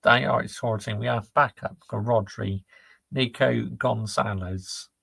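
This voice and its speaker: A gravelly, husky man, talking bluntly and reacting to chat on a live stream. His voice is close and dry, with no room sound, and his pitch sits in the middle. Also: steady tone, unhurried, bright, forceful tone, dry recording. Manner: ranting, blunt, laddish slang. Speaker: football channel host reading live chat.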